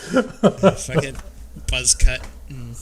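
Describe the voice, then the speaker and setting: A man's voice: medium pitch, animated, drawn-out words, a little hiss or hum. Rambling man hosting a game stream. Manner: rambling, laughing, many fillers. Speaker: streamer host. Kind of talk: casual chat. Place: home streaming setup.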